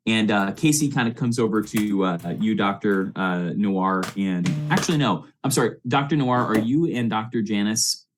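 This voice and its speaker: Laid-back male game master, lower voice, faint noise behind. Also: moderate pace, few pauses. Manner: laid-back, many fillers and restarts, slips into character voices. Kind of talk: narrating a tabletop game.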